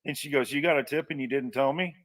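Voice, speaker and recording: A man spins a long personal yarn with a bright, edgy tone. He restarts often and drifts into asides. His voice sounds a little distant from the microphone. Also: medium pitch, fast talker. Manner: rambling anecdotal telling with many restarts. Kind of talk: casual storytelling.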